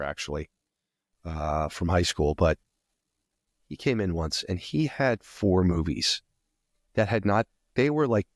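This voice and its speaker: A man co-hosting a podcast, telling animated stories in casual chat and acting out the people in them. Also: deep voice, no room sound, studio quality. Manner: animated storyteller acting out customers. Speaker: podcast co-host.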